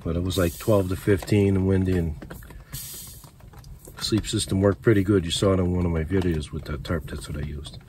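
An older man chatting in a relaxed, rambling way with lots of fillers, vlogging from a canvas teepee with a wood stove in the snowy woods. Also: deep voice, a little fast. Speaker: outdoors vlogger. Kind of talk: casual camp vlog. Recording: outdoor camp recording with steady background noise.

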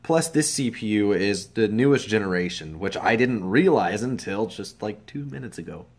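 A young man vlogging casually about his computer upgrade and daily routine, swearing freely and swinging between muttered asides and loud, upbeat advice. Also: lowish voice, lively intonation, moderate pace. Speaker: vlogger and streamer. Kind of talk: casual vlog.

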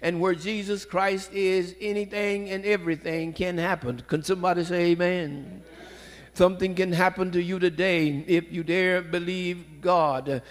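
Fervent preacher man, slightly high voice. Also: fairly even intonation, measured pace. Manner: fervent preaching with rising exhortations. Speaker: pastor. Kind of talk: sermon. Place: church sanctuary. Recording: long hall reverb.

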